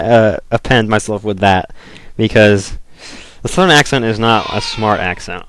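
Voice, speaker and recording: A man's voice: lowish voice, a bit bright, no room sound. A young man in college giving casual, rambling commentary over a game, packing his talk with fillers. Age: young adult. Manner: rambling, filler-heavy, lots of "like". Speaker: let's play commentator.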